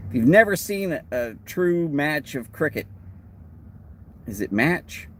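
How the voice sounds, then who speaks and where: Chatting in a rambling live-stream style, this Texan-accented host responds to comments from his viewers. He speaks with a fairly high, very animated voice at a slightly slow pace. Slight background noise can be heard.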